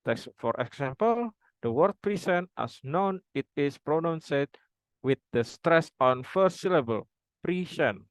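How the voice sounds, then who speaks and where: A young man reading a prepared phonology presentation aloud, formal wording with halting restarts. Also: fairly high pitch, lively intonation, smooth, no room sound, rough recording. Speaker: student presenter.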